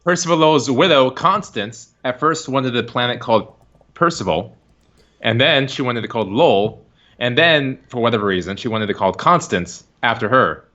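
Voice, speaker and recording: A man hosting a casual podcast chat, rambling and excitable, often laughing. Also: medium pitch, moderate pace. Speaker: podcast host. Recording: dull lo-fi stream recording.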